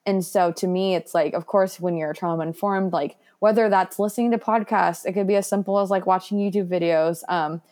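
This is a young woman speaking in a voice set a little lower than most. She is candid and reflective as she talks, earnest and loose, with plenty of "like" fillers along the way. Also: steady tone, brisk, hardly any pauses, darkish tone. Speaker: guest sharing her foster care story. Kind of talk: candid personal interview.

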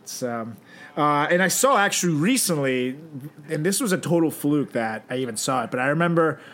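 A man's voice: on the high side, expressive, moderate pace, a bit bright. A man hosting a podcast in casual chat, joking and rambling with lots of fillers. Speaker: podcast host.

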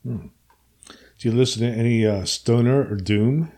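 A man's voice: mid-range voice, normal speed, mellow. An older man chatting casually and laid-back about past concerts, often with short replies. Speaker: punk fan in conversation. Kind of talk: casual chat.

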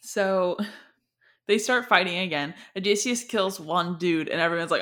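A young woman co-hosting a casual chat, retelling a story in an animated way with lots of filler words. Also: on the low side, moderate pace.

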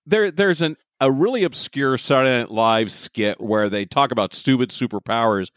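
A man's voice: mid-range voice, normal speed, a bit bright, no room sound, studio quality. A man co-hosting a casual podcast, talking in a sarcastic, jokey way. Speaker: podcast co-host. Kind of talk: casual chat reviewing a TV episode.

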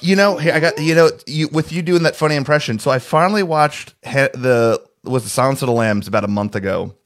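A man's voice: fairly high pitch, fairly quick. A man co-hosting a casual podcast chat over a video call, rambling with many restarts. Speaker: podcast co-host.

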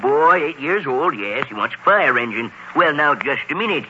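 A man's voice: mid-range voice, lively intonation, noisy background, close to an everyday voice. A man playing a jolly, kindly Santa Claus in a 1950s children's radio drama, hearty and chuckling. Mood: cheerful. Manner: hearty, chuckling, brisk on the phone. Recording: muffled old radio broadcast.

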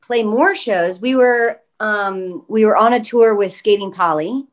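A woman's voice: mid-range voice, unhurried. A woman in a band, guesting on a podcast over a video call, playful and easygoing. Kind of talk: casual interview chat. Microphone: video call recording.

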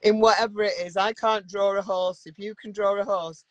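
A woman's voice: medium pitch, fairly even intonation, fairly quick, no room sound, muffled recording. Mancunian woman, middle-aged, interview guest. Blunt, dry-humoured, swears freely, close dry sound. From Manchester, England. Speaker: guest singer. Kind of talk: casual interview chat.

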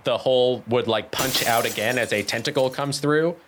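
A man's voice: medium pitch, normal speed, background noise. A man narrating as game master, describing scenes loosely with many fillers.

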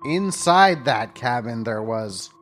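Grim Reaper, played by a man, cheerful podcast guest, lively swooping delivery. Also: medium pitch, slow, soft background music. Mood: chipper. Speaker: guest playing Death. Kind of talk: improvised comedy podcast banter.

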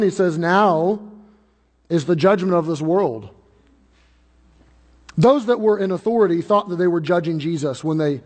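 Guy preaching in church, high voice, asks lots of questions, restarts a lot, echoey hall. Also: a little mellow. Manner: earnest, conversational preaching with repeated restarts and rhetorical questions. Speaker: pastor. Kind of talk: sermon.

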